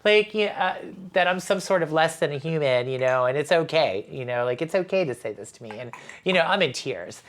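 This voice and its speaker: Very low-voiced woman, rambling chat. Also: lively intonation, a little fast. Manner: rambling, heavy use of "you know" and "like"; acts out quoted voices while telling stories. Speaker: podcast guest, spirits brand co-owner. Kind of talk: casual interview chat.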